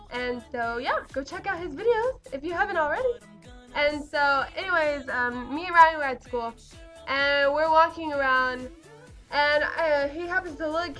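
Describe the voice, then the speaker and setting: High pitched teen girl rambling thru a storytime vlog, giggly, says um and like a lot. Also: sharp tone. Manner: bubbly, giggly, lots of fillers like um and like. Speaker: vlogger. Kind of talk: casual storytime chat.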